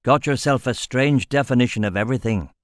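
A man voicing an old, stubborn male warrior, gruff and weary, speaking in a blunt, growling drawl. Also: medium pitch, fairly quick, dry recording, clean studio sound, lightly acted.

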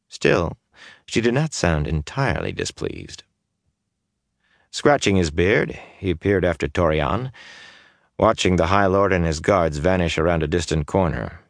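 A man narrating a fantasy audiobook in a measured, steady manner. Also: low-pitched, creaky, no room sound, studio quality.

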